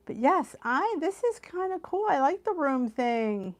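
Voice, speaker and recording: A woman's voice: high voice, big pitch swings, unhurried, few pauses. A middle-aged woman with a Philadelphia accent, hosting a live stream and chatting with viewers, laughing often. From Philadelphia area, US. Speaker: weight loss channel host.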